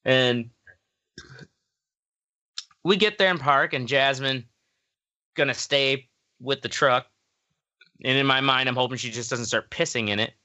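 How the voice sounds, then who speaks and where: A man's voice: medium pitch, measured pace, long pauses, sharp tone. A young man casually telling a long story on a podcast, rambling with fillers and laughs. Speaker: podcast co-host.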